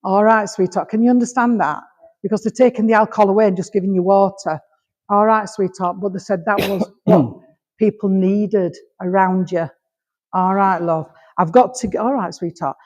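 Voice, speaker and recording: In a village hall with long, echoing reverb, a Yorkshire-accented medium from Rotherham passes on messages, peppering them with darling, sweetheart and a near-constant "all right?". Her mid-range voice is a little mellow, with fairly even intonation and a normal pace. The recording sounds muffled.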